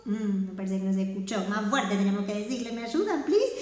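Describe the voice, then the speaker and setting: A woman's voice: mid-range voice, animated, quick pace, a little mellow. A young woman, a children's English teacher reading a story aloud in a sing-song, coaxing way that invites the kids to join in. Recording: very echoey room with long reverb.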